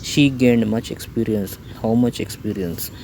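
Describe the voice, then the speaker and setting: A man teaching English grammar, reading out definitions and example lists one by one in a slow, even recitation. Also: fairly low pitch, vocal fry, slight background noise, rough recording. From India.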